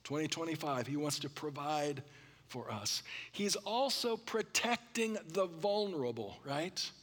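A male pastor delivers an expository sermon with a somewhat high voice for a man. He keeps checking in with his listeners and often pauses to clear his throat. His words ring out with the long reverb of a church hall. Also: expressive, fairly bright tone. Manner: expository preaching with congregation call-and-response.

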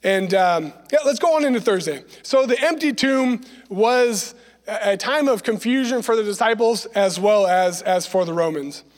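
A man's voice: high voice, normal speed, big-room sound. A man leading a Bible study lesson, reading scripture aloud and explaining it in a conversational way, often checking in with "right?".

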